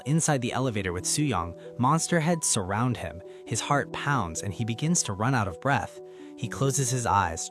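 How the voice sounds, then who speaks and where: A man narrating a comic story recap in steady scripted storytelling. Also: medium pitch.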